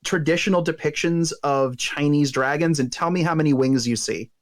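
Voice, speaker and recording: A man's voice: fairly high pitch, moderate pace. A man hosting a podcast, chatting casually and animatedly about a cartoon, laughing often. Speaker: podcast host. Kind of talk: casual chat.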